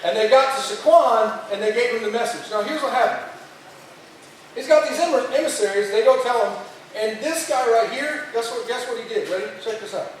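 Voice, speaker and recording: High-pitched male camp speaker, slangy storytelling, echoey far mic. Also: moderate pace, a little hiss or hum. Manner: slangy, chatty, acts out characters. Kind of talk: casual storytelling sermon.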